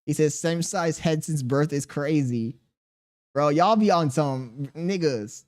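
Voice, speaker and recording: A man's voice: a little high, slow pace, darkish tone. A man in his thirties streaming live, reading viewers' chat aloud and answering with crude jokes and laughter. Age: 30s.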